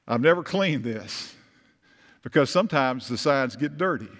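A man's voice: mid-range voice, lively intonation, moderate pace, fairly bright tone. A man, preaching a sermon as pastor, talking in a conversational way and asking the congregation questions. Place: church sanctuary. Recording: long reverb of a church hall.

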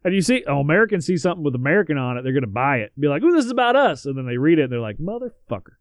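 Rapid-fire and mid-range, with no room sound, a man co-hosting a podcast reads out history casually. After the facts he tosses in joking asides and the odd swear word.

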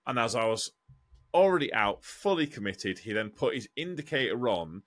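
A man's voice: medium pitch, moderate pace. A man, a truck driver co-hosting a podcast and telling stories in casual chat, swearing freely. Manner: swears freely, animated storytelling.

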